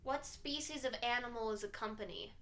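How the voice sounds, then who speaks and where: A woman's voice: on the high side, fairly bright tone, slight background noise. A young adult woman co-hosting a podcast, chatting casually and teasing in a playful, joking way. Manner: playful, joking, quick to tease. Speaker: podcast co-host. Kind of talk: casual chat.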